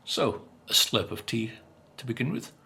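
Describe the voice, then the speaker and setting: A man's voice: medium pitch, normal speed, vocal fry, bright, forceful tone, a little hiss or hum. An older man, chatting casually while tasting biscuits, musing with plenty of fillers and speaking with his mouth full at times. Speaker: vlogger. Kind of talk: casual food review.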